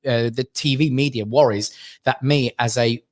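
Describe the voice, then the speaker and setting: A man's voice: medium pitch, steady tone, moderate pace. A male comedian telling funny stories as a guest in a studio interview. He acts out voices and laughs often. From Armenia. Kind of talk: chatty anecdote-telling interview. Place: London studio.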